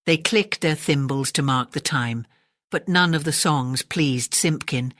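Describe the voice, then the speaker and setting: A woman narrating a classic storybook in a gentle, measured bedtime reading. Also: sits low, no room sound, clean studio sound.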